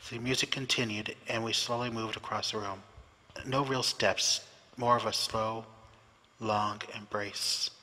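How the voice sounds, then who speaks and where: A man reads a first-person story in a calm, reflective way. His voice is very bright and sharp, with a tense edge. A long reverb rings out behind him. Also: on the low side, unhurried.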